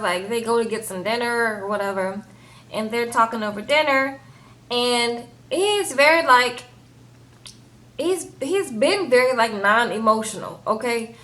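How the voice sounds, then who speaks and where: Chatty woman with a high voice. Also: slow pace. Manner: animated, chatty, says "okay?" and "baby" often. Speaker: TV show reviewer. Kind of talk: casual chat.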